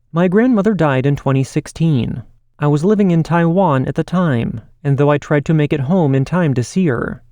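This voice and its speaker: A man hosting a podcast and reading listener stories aloud in a steady, measured way. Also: on the high side, no room sound, clean studio sound. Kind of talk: scripted podcast narration.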